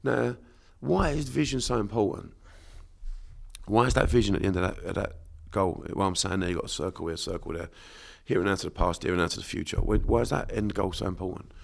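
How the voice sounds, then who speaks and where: A man from Bermondsey speaks fast in a low, heavily gravelly voice with a South London accent. He talks bluntly and emphatically, swearing freely in a casual podcast chat. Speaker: podcast guest, unconscious mind therapist.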